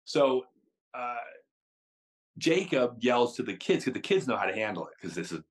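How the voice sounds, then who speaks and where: A man who is a podcast guest and tells chatty, animated stories with frequent restarts. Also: medium pitch, moderate pace. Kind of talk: casual storytelling.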